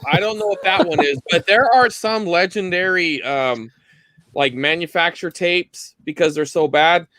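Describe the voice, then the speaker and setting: A man in his thirties on a video call, telling a funny work story in a casual, animated way. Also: normal speed, dry recording. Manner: animated storyteller, jumps into high voices for quotes. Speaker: guest on live vinyl chat. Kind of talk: casual anecdote on a live stream.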